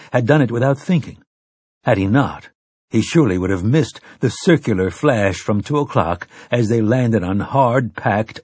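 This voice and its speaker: A man reading an audiobook aloud, telling the story in a measured, dramatic way. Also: on the low side, a little mellow, husky, dry recording, studio quality. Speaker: audiobook narrator. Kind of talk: scripted narration.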